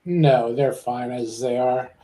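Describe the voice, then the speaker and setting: A man on a casual review panel, giving measured opinions and calmly pushing back. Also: mid-range voice. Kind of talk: casual chat.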